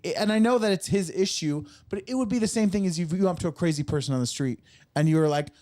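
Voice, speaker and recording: A man's voice: high voice, racing, a little mellow, dry recording. A man chatting casually on a comedy podcast, telling an exasperated story in a ranting way.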